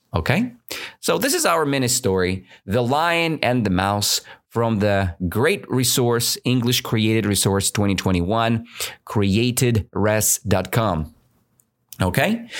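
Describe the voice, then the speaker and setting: A man teaching English to learners, reading a fable aloud and then explaining it slowly and deliberately, often checking in with "right?". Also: mid-range voice.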